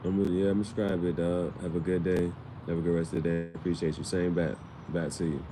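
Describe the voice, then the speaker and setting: A man's voice: low-pitched, flat delivery, quick pace, few pauses. A man musing aloud in a laid-back, slangy, rambling monologue while he sits outdoors in the sun. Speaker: vlogger. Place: outdoors, sitting in a chair in the sun and wind. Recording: noisy outdoor recording.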